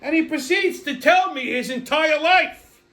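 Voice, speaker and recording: A man's voice: very high-pitched, a little slow, bright, forceful tone, soft background music. A man hosting a weekly wrap-up show, ranting in a crude, exasperated comic style. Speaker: host. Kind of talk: profane comedic rant.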